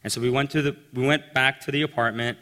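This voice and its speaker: A man telling a personal story in a sermon, animated and acting out the voices of the people in it. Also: medium pitch, fast. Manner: animated storyteller, acts out quotes. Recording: long reverb in a large hall.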